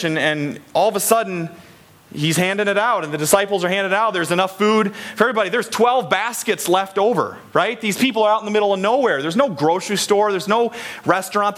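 A man's voice: sits high, fairly bright tone. A man preaching a chatty sermon to a church congregation, often asking them questions. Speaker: pastor. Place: church in Des Moines, Iowa.

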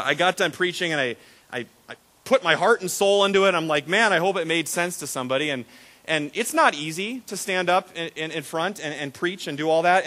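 High-voiced pastor preaching animatedly. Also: male voice. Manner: animated storytelling, acts out quoted voices; repeats words and restarts when excited. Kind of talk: sermon.

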